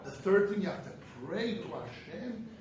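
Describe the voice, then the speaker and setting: Brief: high-pitched male preacher, fervent and emphatic, recorded far off in a very echoey hall. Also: lively intonation, moderate pace, darkish tone. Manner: impassioned and emphatic, sometimes rising to cries. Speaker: head of a yeshiva. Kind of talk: ethical sermon to students. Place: large echoey study hall. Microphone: distant room mic. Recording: very echoey hall, far from the mic, faint noise.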